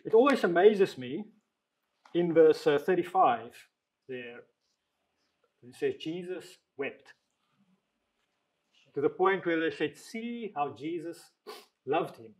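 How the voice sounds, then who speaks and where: A man with a somewhat high voice guides a small Bible study group. He talks casually, reads scripture aloud at a slower pace and keeps turning questions back to the room. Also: expressive, a little mellow, poor audio. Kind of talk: leading a group Bible discussion.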